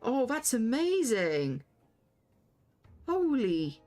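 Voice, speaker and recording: Excitable woman streamer. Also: fairly high pitch, drawn-out words, faint music behind. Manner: excitable, gushing, laughs often. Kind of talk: live game streaming.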